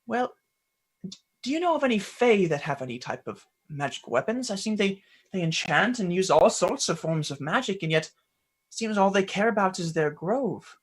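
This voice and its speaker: An earnest young male adventurer asks his questions with a slightly halting eagerness, as a man voices him. He sounds curious and sincere. The voice is youthful and unpolished. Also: high voice, big pitch swings, slightly rough, pitched above the performer's own voice, full character voice.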